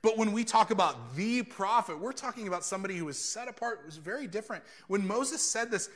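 A man delivers a sermon with a bright, forceful tone pitched a little high. He talks casually with his listeners and keeps acting out quoted speakers in a lower voice. It sounds like a pastor at a church. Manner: conversational, drops into quoted voices.

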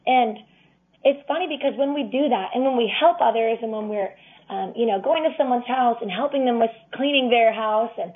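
A woman's voice: a little high, normal speed. A young woman as a guest, speaking sincerely and encouragingly from her faith. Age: young adult. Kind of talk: casual interview talk. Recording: tinny phone line.

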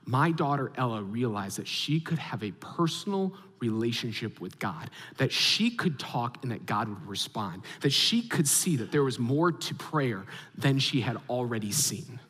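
A man in his thirties preaching a sermon as a pastor, telling a story with animated, acted-out reactions. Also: medium pitch, moderate pace, few pauses, slightly rough. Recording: long hall reverb.

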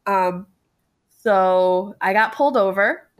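A woman guest, a cosplayer from Connecticut, telling a story in an animated way and laughing often. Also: medium pitch, slow pace. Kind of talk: casual podcast chat.

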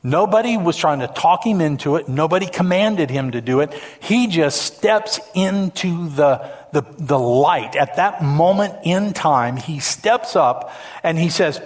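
Male pastor, slightly high, emphatic storytelling sermon. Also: expressive, a little slow. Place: church stage.

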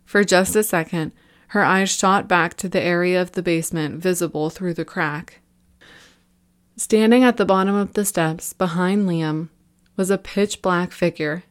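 Horror story narrator: a woman with steady, measured scripted narration. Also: lowish voice, clear, resonant tone.

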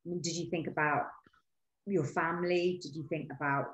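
Woman interviewer, deep voice, feels her way through probing questions, echoing room. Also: fairly even intonation, moderate pace, a bit bright. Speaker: podcast host. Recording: roomy echo.

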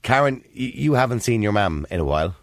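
A man with an Irish accent hosting a radio phone-in, brisk and emphatic, often jumping in on callers. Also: medium pitch, sing-song, no echo. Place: radio studio.

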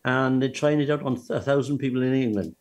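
A man's voice: mid-range voice, fast, a little mellow. A man co-hosting a casual chat show, talking in a loose, rambling way with plenty of tag questions. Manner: chatty, trailing tag questions. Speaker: show co-host.

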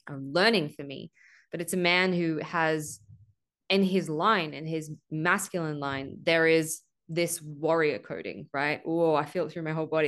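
A woman with a notably low voice hosts a spiritual podcast, speaking earnestly and at length. She leans on a repeated "right?" and drops swear words for emphasis. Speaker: podcast host. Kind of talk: spiritual monologue.

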